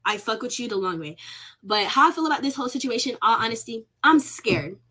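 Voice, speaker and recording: A woman's voice: fairly high pitch, expressive, fairly quick, sharp tone, slightly rough. A young college student tells her arrest story casually on a livestream, shaken and close to tears, swearing freely. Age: young adult. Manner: emotional, candid, swears freely, on the verge of tears.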